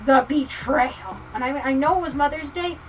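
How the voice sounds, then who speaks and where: A woman livestreamer chatting casually with viewers, ranting with profanity and swinging from muttering to near-shouting. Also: high voice, fast, recorded from a distance, a little hiss or hum, poor audio. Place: home craft room. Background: soft lofi music.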